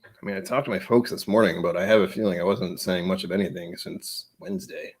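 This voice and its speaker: A man's voice: sits low, fairly quick, slightly rough. A man hosting a casual livestream, rambling and chatty with frequent laughs, his voice a bit tired. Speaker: livestream host.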